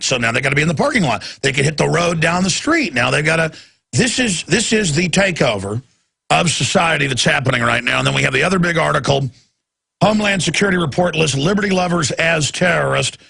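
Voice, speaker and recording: Gravelly, forceful ranting radio host man. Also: fairly high pitch. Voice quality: gravelly, raspy. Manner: ranting, acts out quoted voices. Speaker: talk show host. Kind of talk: talk radio monologue.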